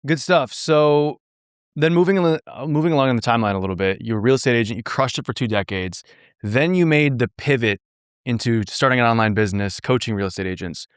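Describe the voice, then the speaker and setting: A young man in his twenties interviews a guest on a podcast, moving quickly through upbeat questions. He talks at a fast clip, and the sound is dry and close-miked. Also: mid-range voice, clean tone, dry recording. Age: 20s.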